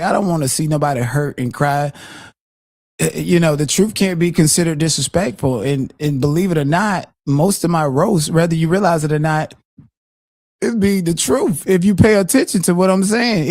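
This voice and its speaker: A man speaks a little high for his sex, rattling off blunt, foul-mouthed opinions with constant restarts. The sound is dry and close, with no room around it. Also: no room sound. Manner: blunt and profane, fast with many restarts. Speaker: guest on a live show. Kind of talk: casual live-stream chat.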